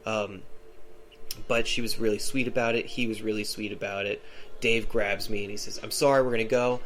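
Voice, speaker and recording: A man's voice: lowish voice, level tone, moderate pace, fairly bright tone, a little hiss or hum. A man hosting a podcast, telling a personal story in a rambling, casual way full of fillers and restarts. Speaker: podcast host.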